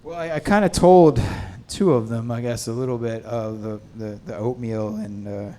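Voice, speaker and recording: A man's voice: medium pitch, moderate pace, dark tone. A man on a film panel, telling a rambling casual story about stepping in as an actor. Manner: rambling, many fillers and restarts.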